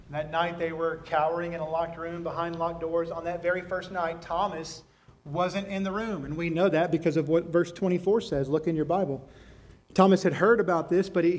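A man's voice: a little high, darkish tone. A male pastor preaching a sermon in a church, stressing and repeating key words as he speaks directly to the congregation.

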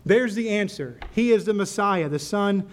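A high-pitched man preaching to a church congregation. He keeps putting rhetorical questions to the room and answers them himself, and he tells a story to drive his point home. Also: animated, moderate pace. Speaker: pastor. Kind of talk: sermon.

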